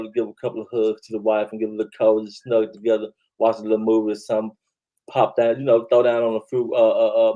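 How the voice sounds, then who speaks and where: A man hosting a casual live-stream talk show, speaking. His voice is mellow and dark at an ordinary pitch. He talks in an easy, laid-back way, sprinkling "man" and "y'all" throughout. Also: lo-fi sound. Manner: laid-back, repeats "man" and "y'all", reads chat aloud.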